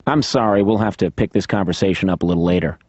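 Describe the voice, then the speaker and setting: A man as a comedian guest on the couch, deadpan and self-deprecating in a comic chat. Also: deep voice, fast. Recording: dull lo-fi sound, dry.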